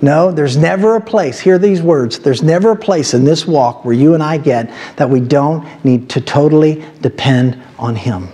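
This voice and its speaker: High-voiced man preaching a sermon. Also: lively intonation, moderate pace, few pauses, dark tone. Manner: preacherly, rising to emphatic exhortation. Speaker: pastor. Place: church sanctuary.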